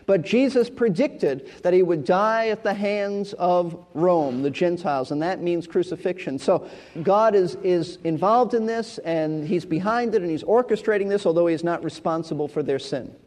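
High-pitched guy preaching, leans hard on repeated words, long hall echo behind him. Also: moderate pace, a little mellow. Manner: emphatic, repeats key words. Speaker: pastor. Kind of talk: expository sermon.

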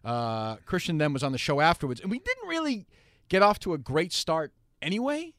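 A man's voice: on the high side, very animated, fairly bright tone, dry recording. A man who hosts a radio show, joking and teasing his co-host in casual chat at a studio microphone. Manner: quick, teasing banter.

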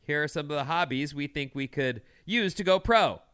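Chatty bright-voiced male radio host. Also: a little high, expressive, normal speed, clean tone. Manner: opinionated, chatty, teasing. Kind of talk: casual radio chat, reading news items.

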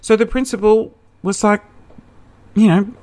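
A woman's voice: medium pitch, fairly even intonation, unhurried, darkish tone. A woman, a comedian telling a rambling, self-mocking story on her podcast.

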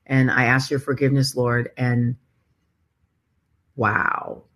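A woman's voice: extremely low pitch, steady tone, takes it slowly, a bit bright. A woman talks in a casual faith conversation, earnest and searching. She keeps circling back with "I mean, literally" as she works out what she wants to say. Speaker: co-host of a faith talk show.

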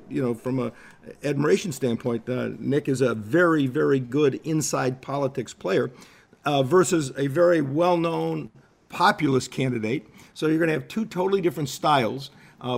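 An older man, a political commentator explaining events in a measured, explanatory way on a radio interview. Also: medium pitch, gravelly. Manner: measured, explanatory, with repetitions and fillers.

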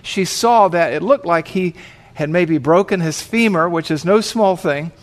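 A man's voice: sits high, a little slow. A man preaching, telling a long story vividly and acting out the voices in it. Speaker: pastor. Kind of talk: sermon storytelling.

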